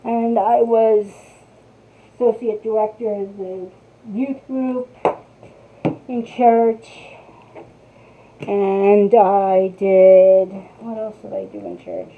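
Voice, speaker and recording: Woman, middle-aged, North New Jersey accent, rambling craft chat, unhurried, thin phone-like sound. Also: mid-range voice. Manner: rambling, chatty, talks to viewers by name. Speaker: craft tutorial host. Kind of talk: casual chat while crafting.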